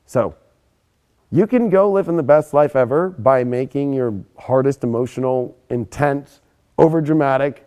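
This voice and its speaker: A young adult man giving a casual, animated astrology monologue, emphatic and often swearing. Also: mid-range voice, smooth. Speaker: astrology presenter.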